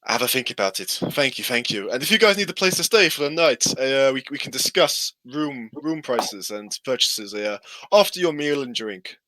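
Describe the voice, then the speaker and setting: A man's voice: mid-range voice, lively intonation, moderate pace, hardly any pauses, pushed and bright, no room sound, pitched above the performer's own voice, rough recording. A man voicing a friendly, polite male bartender at a tavern. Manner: polite, welcoming.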